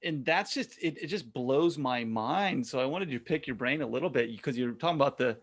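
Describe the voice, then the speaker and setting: A man hosting a podcast interview, speaking in a halting way with frequent restarts and "you know.". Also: mid-range voice, lively intonation. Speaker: podcast host. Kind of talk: casual interview chat.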